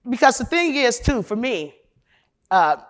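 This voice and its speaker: A woman from Chicago, a defense lawyer, giving a candid, profane conference talk in a loud, emphatic, opinionated way, speaking straight to the audience. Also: on the high side, very animated, measured pace. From Chicago, USA.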